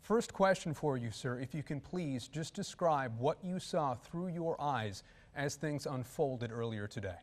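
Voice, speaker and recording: Brisk male TV news anchor. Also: mid-range voice, lively intonation. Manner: brisk, formal questioning. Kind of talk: news interview.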